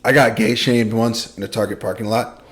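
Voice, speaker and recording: A man's voice: fairly low pitch, fairly even intonation, moderate pace, a bit bright. A young man co-hosting a podcast, ranting and joking in a loose, profane, rambling way. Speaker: podcast co-host. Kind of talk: casual podcast chat.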